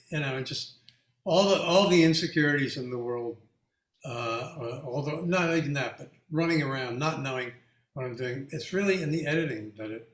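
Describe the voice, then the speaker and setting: In a reverberant space, a man who is a featured artist talks casually and reflectively with an audience in a mid-range voice. His speech is halting, with many restarts, and he laughs while telling his anecdotes.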